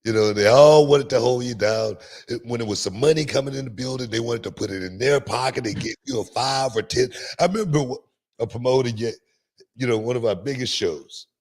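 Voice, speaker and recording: Speaking fairly quickly in a slightly mellow, medium-pitched voice, this middle-aged man, a wrestling promoter, hosts a podcast of casual storytelling. He's relaxed and repetitive and laughs a lot, heard through a podcast mic on a remote stream.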